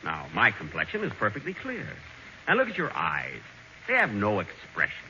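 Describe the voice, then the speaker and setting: A man's voice: lowish voice, moderate pace, full character voice. A smug, vain glamour boy. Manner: self-satisfied, dry, deadpan boasting. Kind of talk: 1940s radio comedy acting. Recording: muffled hissy 1940s radio broadcast.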